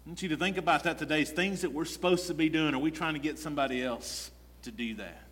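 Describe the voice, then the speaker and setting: A male pastor delivers a conversational sermon, pressing his listeners with rhetorical questions and a recurring "listen." His voice sits somewhat high for a man. The room rings with the long reverb of a big church hall. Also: quick pace, a bit bright.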